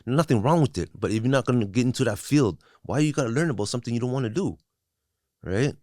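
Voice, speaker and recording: Fast and expressive, this man's medium-pitched, warm voice comes through with studio quality and no room sound. Appearing as a podcast guest, he tells his recovery story candidly and reflectively, with many restarts and repeated "you know what I mean."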